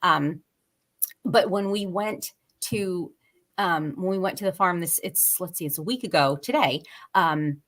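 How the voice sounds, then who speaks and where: Halting, lower-voiced woman guest. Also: fairly bright tone. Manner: halting, with many fillers and restarts. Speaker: podcast guest. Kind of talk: casual conversation.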